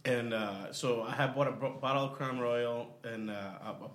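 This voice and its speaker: A man tells a rambling personal anecdote on a podcast, laughing and restarting as he goes. His middle-pitched voice sits in a roomy, echoing space. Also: normal speed, background noise. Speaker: podcast co-host. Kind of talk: casual anecdote. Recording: roomy echo.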